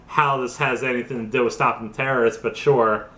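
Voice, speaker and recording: A gruff, unimpressed soldier hero , as a man puts him on, answers in a flat, sarcastic tone. The voice sits a little low in his normal range. It sounds in an echoey room. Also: brisk, close to an everyday voice.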